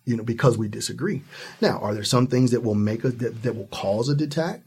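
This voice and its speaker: A man's voice: brisk, vocal fry, breathy edge. A man from Ohio in the US Midwest, a guest in a conversational interview, talking earnestly and acting out the people in his stories. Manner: earnest, animated storytelling, acts out high-pitched quoted voices.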